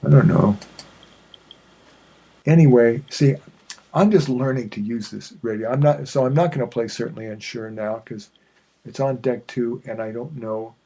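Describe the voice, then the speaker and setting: A man's voice: medium pitch, moderate pace, vocal fry, long pauses, mellow. A man hosting his own podcast, chatting in a digressive, self-mocking way with many fillers and restarts. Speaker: podcast host. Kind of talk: rambling solo podcast chat.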